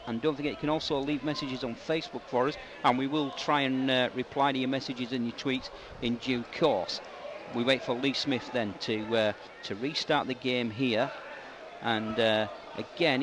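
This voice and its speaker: A man giving live radio commentary on a rugby league match, his voice rising into shouts on attacking plays. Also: medium pitch. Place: stadium commentary position. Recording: outdoor stadium with loud crowd and noise.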